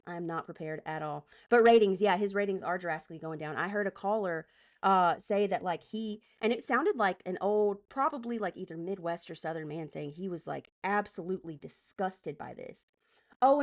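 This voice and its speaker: A woman live streamer doing political commentary, heated and profane, breaking off to greet chat and direct moderators. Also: mid-range voice. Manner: heated, profane, rapid asides to chat and mods.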